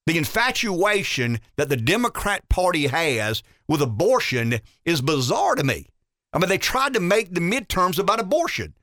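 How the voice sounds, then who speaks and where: Man, rural Southern accent, talk radio host, fairly high voice, emphatic and folksy. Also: big pitch swings, normal speed, pushed and bright, no room sound, clean studio sound. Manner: emphatic, folksy, repeats words as he builds points. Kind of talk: opinionated talk radio commentary.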